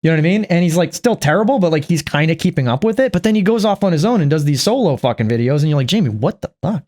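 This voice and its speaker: A man's voice: fairly high pitch, lively intonation, rapid-fire, mellow. Sarcastic swearing man reacting to clips. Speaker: reaction video host. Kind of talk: casual commentary.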